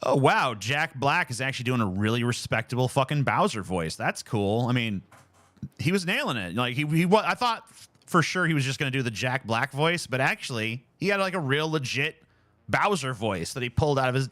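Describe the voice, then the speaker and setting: A man's voice: mid-range voice, normal speed, no room sound. A man streaming live from home, chatting casually and ranting with lots of swearing. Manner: animated, profane, ranting.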